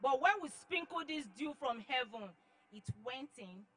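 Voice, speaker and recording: High bright woman giving a testimony. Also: animated, moderate pace, rough recording. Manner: dramatic, reenacts her shouts, drops to hushed tones. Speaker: testimony giver. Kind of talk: emotional church testimony.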